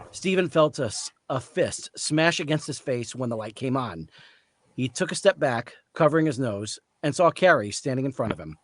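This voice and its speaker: A man reading the narration of a story aloud at a live reading, in a steady storytelling manner. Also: mid-range voice, no echo. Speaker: reader, narrator.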